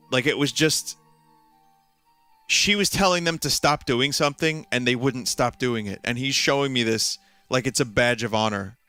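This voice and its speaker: A man tells a story casually on stream, rambling and restarting as he goes. His voice is bright and forward. Faint music plays in the background. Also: medium pitch, clean tone, no room sound. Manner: rambling with frequent restarts and asides.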